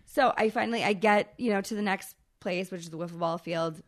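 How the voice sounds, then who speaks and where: A woman in her thirties, a podcast co-host, telling a long personal story in casual, profane, animated chat. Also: medium pitch, quick pace, hardly any pauses.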